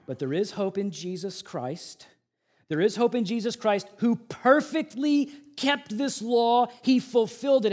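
A man in his forties delivers a sermon, his voice sitting high for a man. He is animated, slipping into mocking impressions and dropping suddenly from forceful to hushed. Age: 40s. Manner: animated, acts out mocking quotes, swings from loud to hushed. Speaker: pastor.

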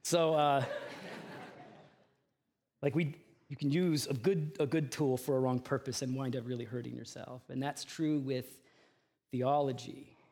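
A man's voice: mid-range voice, steady tone, a little slow, long pauses, darkish tone. A male pastor giving a sermon in a conversational way, full of chatty asides and fillers. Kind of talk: sermon with personal anecdote.

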